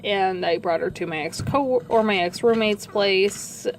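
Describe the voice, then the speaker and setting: A woman with a worn-out, hoarse voice telling a long rambling story, casually swearing along the way. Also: medium pitch, unhurried, slight background noise. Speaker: video creator telling a pet story.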